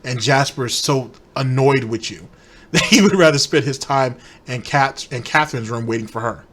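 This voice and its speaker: A man's voice: medium pitch, moderate pace, a bit bright. A man hosting a commentary show, delivering a heated, repetitive, accusatory rant aimed straight at one person. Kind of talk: ranting commentary.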